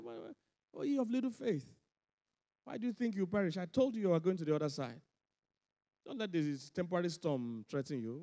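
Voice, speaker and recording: A man preaching a sermon as pastor, animated and emphatic, repeating his points and laughing between them. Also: sits high. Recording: church hall reverb.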